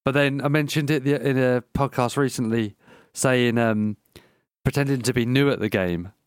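A man co-hosting a casual gaming podcast, talking in a relaxed, offhand way with casual swearing. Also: medium pitch, normal speed, clean tone, no echo, clean studio sound. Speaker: podcast co-host.

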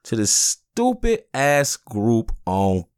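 A man's voice: medium pitch, huge pitch swings, slow pace, a little mellow, smooth. A man hosting a podcast, ranting angrily and profanely in a casual, heated way. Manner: angry, profane, heated, frequent "you know what I'm saying". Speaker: podcast host.

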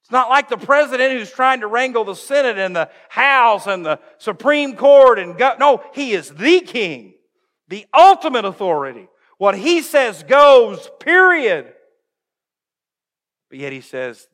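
A male pastor delivers an animated, joking sermon in a high, swooping voice, slipping in and out of acted voices. His delivery leaps up and down with energy. The sound carries a long church-hall reverb. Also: measured pace. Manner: animated, humorous, acts out voices.

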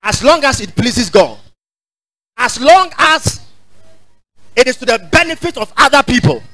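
Ghanaian male pastor, high voice, dry close sound, repetitive call-and-response preaching. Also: big pitch swings, a little slow, no room sound, rough recording. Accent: Ghanaian English. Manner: call-and-response preaching, repeats phrases, rises to shouts. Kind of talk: sermon.

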